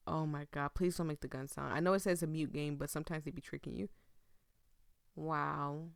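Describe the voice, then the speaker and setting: A woman's voice: low voice, fairly even intonation, moderate pace, creaky, no room sound, clean studio sound. A woman giving chatty, reflective gameplay commentary and talking to her viewers. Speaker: gameplay streamer.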